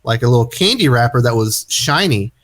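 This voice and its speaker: A middle-aged man telling a story in casual chat, animated, acting out his own quotes loudly. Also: medium pitch, fairly quick. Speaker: guest.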